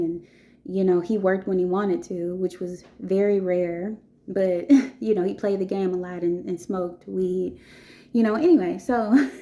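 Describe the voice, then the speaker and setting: Mellow-voiced woman telling a story. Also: medium pitch. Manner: chatty, with frequent "you know" and "okay?". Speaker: vlogger. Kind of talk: casual storytelling monologue.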